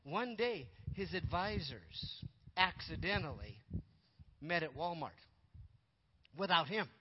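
Animated man telling a sermon story. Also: a little high, takes it slowly, a little hiss or hum. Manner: animated, repeating words and asking the audience questions. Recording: dull sound with long hall reverb.

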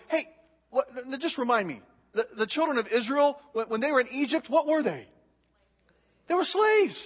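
A man preaching a sermon, leaning hard on drawn-out stresses and repeating words for emphasis. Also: sits high, breathy edge, in a large hall, highs cut off. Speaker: pastor.

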